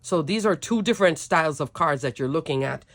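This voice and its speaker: A woman's voice: low-pitched, lively intonation, a little fast. A woman hosting a papercraft channel, chatting casually and gushing with giggles as she shows off her handmade cards. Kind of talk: casual show-and-tell craft chat.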